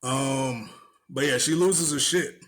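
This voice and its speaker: A man's voice: medium pitch, takes it slowly. A young man co-hosting a podcast, retelling an online argument in casual, profane slang and mimicking the people in it. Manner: animated retelling with mimicked voices, cursing, laughing. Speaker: podcast co-host. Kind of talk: casual chat.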